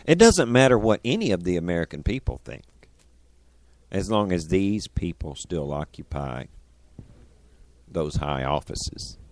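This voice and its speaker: A man hosting a political talk radio show, talking in an animated, indignant and sarcastic way into a studio microphone. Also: low voice, measured pace, long pauses, no echo.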